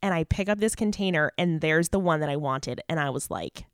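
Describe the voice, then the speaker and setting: A woman's voice: low voice, a little fast, clean tone, no room sound, studio quality. A woman guest on a podcast, telling a story in an earnest, chatty way with lots of fillers. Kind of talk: casual storytelling.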